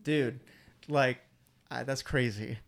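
Man, smooth clear voice, casual podcast chat, animated storytelling, filler-heavy. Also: takes it slowly. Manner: animated storyteller, many "like" fillers, jumps into high mimicking voices.

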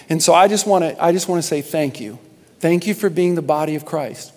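A man preaching as pastor to his congregation, impassioned, repeating words and rising to loud emphasis. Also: on the high side, fairly quick. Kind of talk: sermon announcements to a congregation. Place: large church sanctuary. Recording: long hall reverb.

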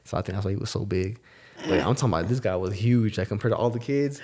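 A man's voice: on the low side, lively intonation, quick pace, dark tone, husky. A young man co-hosting a podcast, telling a story in casual slang and acting out the people he quotes. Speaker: podcast co-host.

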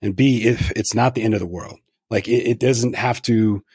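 A middle-aged man with a husky, somewhat low voice, hosting a podcast interview. He talks frankly and reflectively and swears freely. The sound is dry and close, with no room echo. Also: steady tone, normal speed, a little mellow. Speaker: podcast host. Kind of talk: candid conversational interview.

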